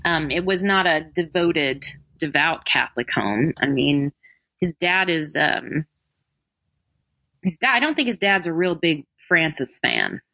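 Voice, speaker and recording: A woman's voice: deep voice, lively intonation, a little slow, bright, forceful tone, no room sound. A woman being interviewed, talking casually and animatedly with self-deprecating asides. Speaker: interview guest.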